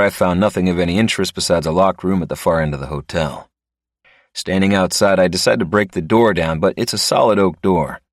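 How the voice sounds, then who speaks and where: Deep male audiobook narrator. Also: no echo, clean studio sound. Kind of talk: first-person audiobook narration.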